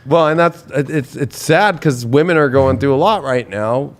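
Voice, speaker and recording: A man's voice: medium pitch, normal speed. A man, a tarot reader, telling stories in a rambling, profane way on a casual podcast, full of restarts.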